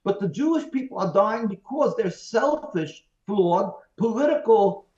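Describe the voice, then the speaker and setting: A man's voice: sits high, lively intonation, measured pace, darkish tone. A man, a rabbi as interview guest, giving emphatic, pleading answers full of repeated phrases over a video call. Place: remote call from home. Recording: roomy, dull video-call audio.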